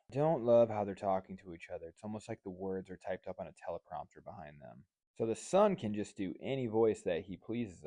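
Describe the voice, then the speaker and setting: A young man hosts a casual vlog, reviewing a movie and a cocktail with candid, sarcastic asides and plenty of swearing. His voice is fairly low and warm, with no echo.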